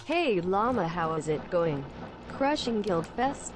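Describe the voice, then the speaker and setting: Low synthetic woman's voice reading messages. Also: big pitch swings, slow, over music. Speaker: text-to-speech chat reader. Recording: clear background noise.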